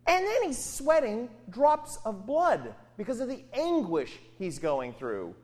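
Lively, expressive woman preaching. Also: medium pitch, unhurried, hardly any pauses. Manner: expressive, with rhetorical questions and emphatic asides. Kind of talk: sermon on a gospel passage.

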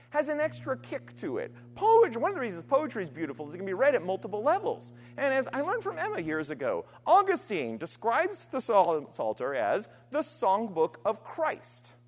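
A woman preaching a sermon, earnest and emphatic, alternating forceful stress with quiet, trailing phrases. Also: sits high. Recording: long hall reverb.

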